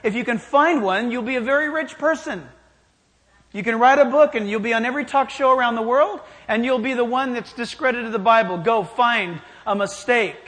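A man's voice: very high-pitched, moderate pace, a bit bright. A man preaching a sermon in an emphatic style, challenging his listeners directly. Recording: long hall reverb.

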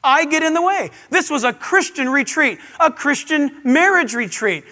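Man, pastor, sermon, very high voice, long hall echo. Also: moderate pace. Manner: animated preaching with playful asides to a live audience. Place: large auditorium.

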